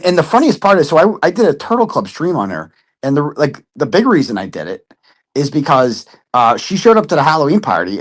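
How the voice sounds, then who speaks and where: A man in casual chat, telling a story with lots of swearing and putting on other people's voices. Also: a little high. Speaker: podcast guest.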